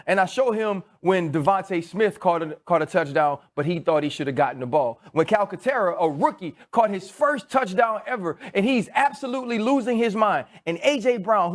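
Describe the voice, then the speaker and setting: High-voiced man breaking down football. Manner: measured, explanatory breakdown. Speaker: football analyst. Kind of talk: sports analysis.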